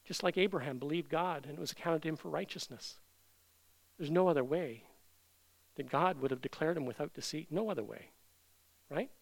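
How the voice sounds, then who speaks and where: A man preaching a sermon as pastor, emphatic, with many rhetorical questions and loud declarations. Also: on the high side, brisk, vocal fry, pauses often, low-quality recording.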